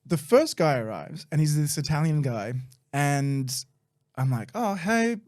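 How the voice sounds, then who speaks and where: A young man on a podcast, telling a story in a casual, animated way, with a lot of swearing. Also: medium pitch, a little slow. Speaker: podcast guest.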